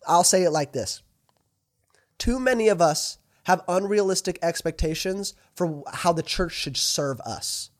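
A man's voice: on the high side, expressive, moderate pace. A man hosting a faith podcast, talking directly and earnestly to listeners and acting out both sides of imagined conversations. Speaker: podcast host. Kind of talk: preachy podcast monologue.

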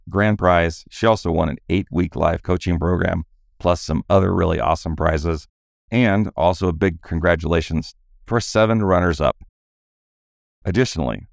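A middle-aged man co-hosts a podcast in casual, upbeat chat, sounding a little tired after a late flight. His voice sits very low and has a gravelly edge. The sound is dry and close to the mic. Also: no echo. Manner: upbeat, promotional, question-driven. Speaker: podcast co-host.

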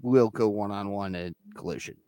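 Lower-voiced man recapping wrestling. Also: mellow, smooth, no echo, clean studio sound. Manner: laid-back recapping with quick laughs. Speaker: podcast co-host. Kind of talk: casual wrestling recap chat.

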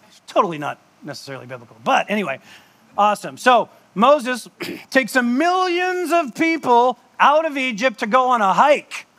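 High-voiced man preaching conversationally. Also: sing-song, moderate pace, a bit bright. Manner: conversational, joking, with asides and laughs. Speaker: pastor. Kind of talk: sermon.

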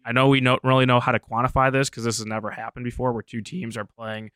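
A man giving steady, detailed sports betting analysis on a studio show. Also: medium pitch, fast, clear, resonant tone, no echo. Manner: steady, informed, methodical.

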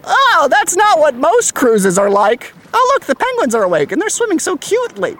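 Zany, chipper first mate. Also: female voice, extremely high pitch, sing-song, a bit bright, a little hiss or hum, full character voice. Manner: chipper, zany and fast-talking. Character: goofy, eager first mate named Jimmy. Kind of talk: scripted kids' comedy podcast.

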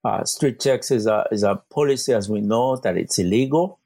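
A man's voice: lowish voice, moderate pace, creaky, mellow, dry recording. A man working as a community organizer, answering interview questions earnestly with frequent fillers and restarts. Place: Vancouver.

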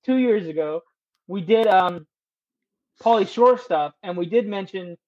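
A man's voice: high voice, unhurried, no room sound, highs cut off. A man hosting a podcast in casual chat, rambling and swearing freely. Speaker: podcast host.

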